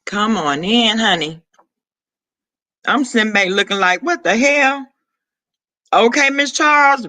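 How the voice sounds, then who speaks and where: A man, chatting casually on a live stream, sassy and profane, throwing quick asides to his viewers. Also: very high voice, bright, forceful tone, no room sound. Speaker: vlogger greeting live chat.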